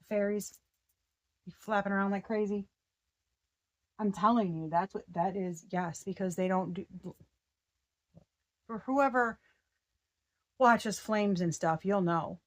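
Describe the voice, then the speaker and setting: Woman, tarot reader, casual spiritual reading, excitable, slangy, cuts herself off and restarts. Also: mid-range voice. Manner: excitable, breaks off mid-sentence and restarts; slangy and profane.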